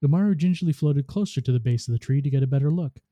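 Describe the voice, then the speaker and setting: Man narrating a story, very dark voice. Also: on the high side, rapid-fire, no room sound. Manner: steady storytelling read. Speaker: podcast host.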